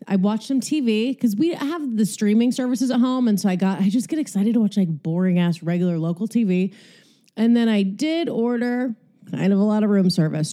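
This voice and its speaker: A woman with a mellow, medium-pitched voice chats casually on her own solo podcast, recorded from a hotel room. She's salty and profane, pokes fun at herself, and sounds slightly out of breath.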